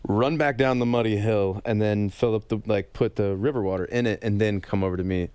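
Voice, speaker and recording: A man, an actor guest, telling crude anecdotes in a casual interview, animated and often laughing, on a studio microphone. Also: on the low side, fairly quick, clear, resonant tone, no room sound. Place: radio studio.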